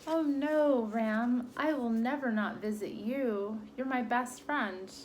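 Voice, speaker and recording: A woman's voice: fairly high pitch, slow, darkish tone, slight background noise. A woman voicing an eager, trusting little female dog who pleads in a raised, hopeful voice.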